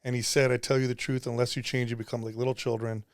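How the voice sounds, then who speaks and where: A man's voice: mid-range voice, little pitch movement, quick pace, no room sound, clean studio sound. A man guest on a podcast, talking earnestly and confessionally about prayer, often acting out what he said to God. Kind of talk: candid faith conversation.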